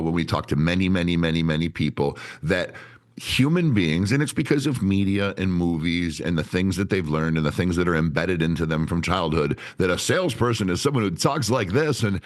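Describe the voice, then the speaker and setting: A man talking as a sales trainer guest in a podcast interview, blunt and animated, swearing freely. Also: deep voice, normal speed. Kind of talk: candid interview talk.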